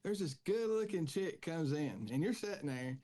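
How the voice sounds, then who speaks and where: A man's voice: fairly high pitch, lively intonation, moderate pace, mellow. A man from North Carolina, hosting a casual podcast chat over a remote call and joking in a rambling way. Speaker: podcast host.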